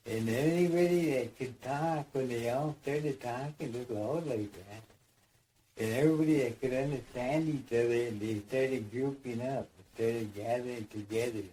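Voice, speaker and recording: A man's voice: medium pitch, mellow, slight background noise, low-quality recording. A man telling a dream story in a rambling way, repeating phrases and acting out voices. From United States.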